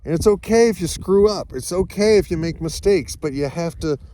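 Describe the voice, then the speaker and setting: A man's voice: high-pitched, animated, moderate pace, mellow. A man, a sheep farmer, talking in a rambling, reflective vlog monologue outdoors on a snowy farm, now and then calling to his dogs.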